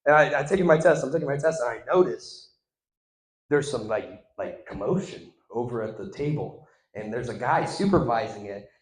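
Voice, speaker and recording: A man telling a stand-up comedy story to a live audience, swinging from loud crowd-work to hushed asides. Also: medium pitch, lively intonation, brisk. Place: stage in front of a live audience. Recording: echoey room.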